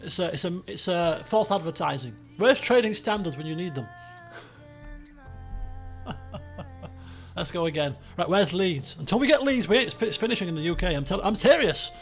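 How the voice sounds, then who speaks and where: Male streamer, high bouncy voice, chatty commentary, faint music underneath. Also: expressive, moderate pace, pauses often. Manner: chatty, thinks aloud, laughs often. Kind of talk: live-stream game commentary.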